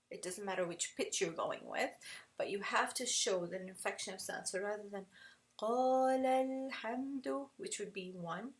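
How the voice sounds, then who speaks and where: A woman's voice: a little high, recorded from a distance, low-quality recording. A woman teaching tajweed at a whiteboard, explaining patiently and often checking in with "right?".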